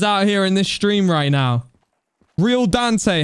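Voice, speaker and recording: A young man streaming a game, chatting casually and thanking donors, getting excited at times. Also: sits high, slow, clean tone, dry recording. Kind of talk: casual live-stream chat.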